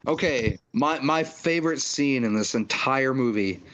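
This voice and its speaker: A man's voice: mid-range voice, unhurried, fairly bright tone, lo-fi sound. A man co-hosting a casual movie podcast, rambling with lots of fillers and restarts. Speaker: podcast co-host. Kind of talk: casual film discussion.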